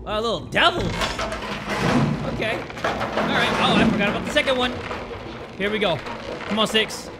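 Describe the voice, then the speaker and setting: A young man giving jokey, excitable commentary while playing a game, jumping between loud yelps and low mutters. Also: normal speed, pauses often, very noisy. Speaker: gaming YouTuber. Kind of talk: let's play commentary.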